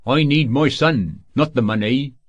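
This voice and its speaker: A blunt, stubborn father who insists and will not be put off, as a male narrator reads him. The voice stays close to the reader's own, mid-pitched and even. The sound is dry and close-miked. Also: unhurried, no echo, lightly acted. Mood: insistent. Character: angry, stubborn man, a desperate father.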